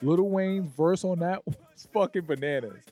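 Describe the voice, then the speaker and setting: A man in casual chat, laid-back and quick to chime in. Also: high voice, dark tone.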